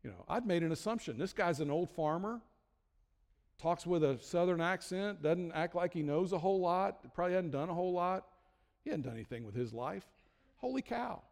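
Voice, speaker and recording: A man's voice: a little high, brisk, gravelly. A male pastor delivering a sermon in a conversational, joking manner with many restarts. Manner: conversational, self-deprecating humor, frequent restarts. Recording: long hall reverb.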